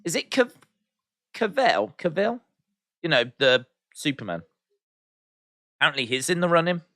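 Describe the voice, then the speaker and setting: Male livestream host with a higher, bright voice and dry, close sound; casual chat, reads viewer comments out, teasing. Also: big pitch swings, moderate pace, no echo. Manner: playful teasing humor. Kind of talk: live watch-along chat.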